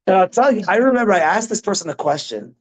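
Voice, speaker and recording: A man's voice: high-pitched, expressive, fast, rough recording. A middle-aged man, a rabbi, teaching a parenting class in a casual, rambling way, often repeating himself and breaking off mid-sentence. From Israel-educated, speaks Hebrew. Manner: rambling, self-interrupting, repeats words.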